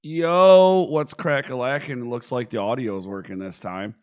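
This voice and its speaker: A man's voice: mid-range voice, unhurried, smooth. A man hosting a casual wrestling talk show, cracking jokes and hyping up his co-hosts. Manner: playful, jokey hype banter. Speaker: podcast host. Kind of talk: casual chat.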